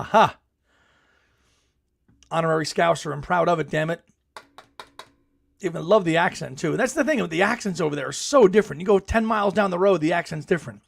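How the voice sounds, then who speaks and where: A man's voice: sits high, creaky. A middle-aged man hosting a live podcast chat, reading viewer comments in a chatty, enthusiastic way and laughing often. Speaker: podcast host.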